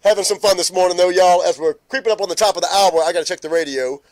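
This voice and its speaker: Laughing man with a high voice. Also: very fast. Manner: laughs often, talks to commenters by name. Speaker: host of a morning live stream. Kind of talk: casual live-stream chat with viewers.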